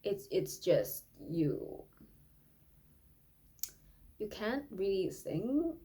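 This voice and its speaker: A fussy, prim rock collector man, put on by a woman, talking in a dry, nitpicking tone a touch lower than her usual. He sounds slow and deliberate, correcting others with stiff politeness. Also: big pitch swings, mellow.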